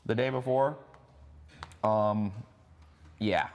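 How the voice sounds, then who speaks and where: A man's voice: fairly low pitch, drawn-out words, darkish tone. Brash joking male livestream host. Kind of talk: casual sales pitch livestream.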